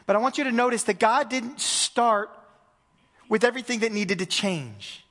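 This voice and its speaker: High-voiced pastor preaching casual style, gets loud then real quiet, long echo in the sanctuary. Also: male voice, normal speed. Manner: conversational preaching, swings from loud emphasis to hushed. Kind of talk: sermon.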